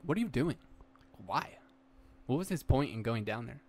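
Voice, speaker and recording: A man's voice: mid-range voice, animated, normal speed, darkish tone, slight background noise. A man with a mid-range voice talks through a film's plot on a podcast. His delivery is laid-back and joking. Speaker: podcast co-host. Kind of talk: casual movie discussion.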